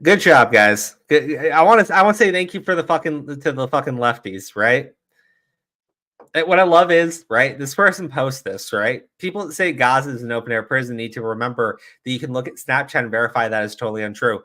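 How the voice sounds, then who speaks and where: A man's voice: medium pitch, lively intonation, fairly quick, sharp tone. A man giving profane, heated, sarcastic commentary on a livestream. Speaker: streamer commentator.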